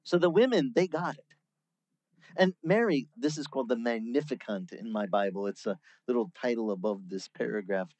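A man preaching a sermon, teaching through a Bible passage in a lively, conversational way. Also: mid-range voice, normal speed, no room sound. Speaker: pastor.

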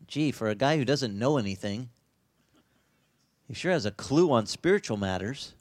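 A man preaching a sermon as a pastor, telling stories in an animated way with his voice leaping up in the lively parts. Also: normal speed, long pauses, no room sound, studio quality. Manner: animated storytelling, voice leaping high in excited passages.

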